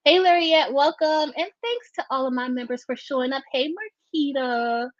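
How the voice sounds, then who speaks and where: A woman hosting a casual craft livestream, chatty, greeting viewers by name with bursts of high excitement. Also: normal speed, dry recording. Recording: dry, dull lo-fi sound.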